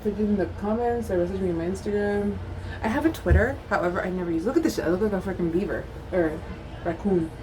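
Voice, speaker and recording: A woman's voice: medium pitch, background noise. A woman vlogger chatting casually at home while doing her makeup. She is a mother of a toddler who rambles, swears freely and mocks herself. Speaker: beauty vlogger.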